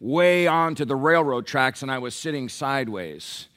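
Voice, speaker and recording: A preacher voicing a hapless friend with an annoying nasal, monotone voice. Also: male voice, medium pitch, moderate pace, close to an everyday voice. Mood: deadpan.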